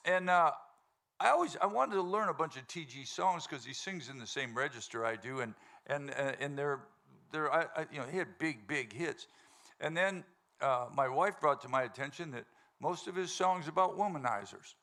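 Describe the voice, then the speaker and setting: This is casual stage banter from a man who both hosts the live music show and sings in the band, chatting loosely, joking, and laughing often as the crowd laughs along. His voice sits fairly high, with lively intonation, normal speed, and a slightly bright quality.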